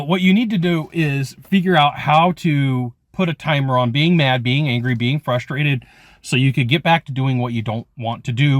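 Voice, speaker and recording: Speaking at medium pitch, a male sales trainer in his forties loosely rambles through a motivational sales talk, leaning constantly on "like" and "okay." The studio-quality recording has no room sound.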